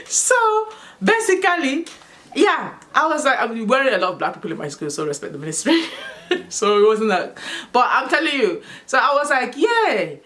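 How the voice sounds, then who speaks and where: A woman's voice: high-pitched, moderate pace. A woman from Africa giving casual school advice as a vlogger, telling stories with frequent bursts of laughter, outdoors in the sun. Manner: animated storytelling with frequent laughter. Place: outdoors in sunlight.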